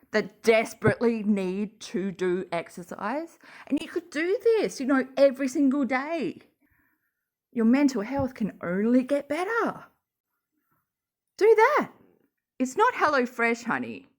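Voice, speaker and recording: Australian woman, YouTube commentator, sarcastic and foul-mouthed, a little high-pitched. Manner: sarcastic, ranting, swears often. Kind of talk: reading and reacting to social media posts.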